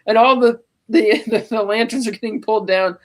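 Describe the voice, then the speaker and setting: This is a podcast co-host telling a film scene beat by beat over a video call. The delivery is chatty and animated. Bits of dialogue get quoted along the way. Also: medium pitch, normal speed. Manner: animated storytelling, quoting scenes in passing. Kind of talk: casual movie recap chat.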